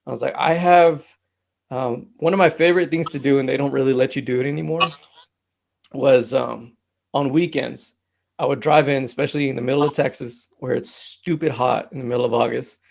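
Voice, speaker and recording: A man, a mental health technician guest, talking in a relaxed, conversational way with plenty of fillers. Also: medium pitch, fairly quick, gravelly, a little hiss or hum. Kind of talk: casual conversation.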